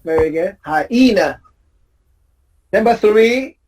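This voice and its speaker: A woman's voice: mid-range voice, unhurried, a little mellow, a little hiss or hum, low-quality recording. Patient woman coaching word stress. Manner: patient, corrective, models words by repetition. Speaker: English pronunciation teacher. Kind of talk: classroom pronunciation drill.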